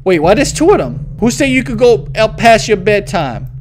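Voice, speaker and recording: A man's voice: high-pitched, sing-song, normal speed. A young man talks through a horror game. He is jumpy, swears a lot and scolds an unseen baby as if he were its parent. A faint hiss sits under the voice. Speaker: gaming YouTuber.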